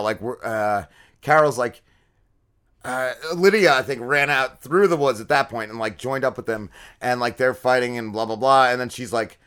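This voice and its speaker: A man's voice: medium pitch, normal speed, fairly bright tone, smooth. A man co-hosting a podcast, casually recapping an episode with lots of swearing and fillers. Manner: rambling, profanity-heavy episode recap full of fillers. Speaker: podcast co-host. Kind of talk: casual chat.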